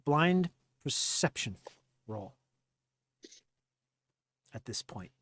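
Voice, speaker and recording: A man narrating as game master of a tabletop game, animated and stumbling through restarts. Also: medium pitch, very slow, breathy edge, no room sound.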